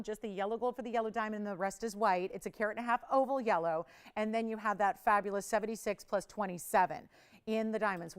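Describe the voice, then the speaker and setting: A woman hosting a live TV shopping show, pitching with urgent countdowns and chatty, confiding asides from a studio. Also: smooth. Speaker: shopping channel host.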